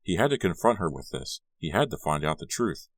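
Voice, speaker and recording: A man narrating a young adult horror novel in a measured reading. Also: deep voice, sing-song, dry recording. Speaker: audiobook narrator. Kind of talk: scripted narration.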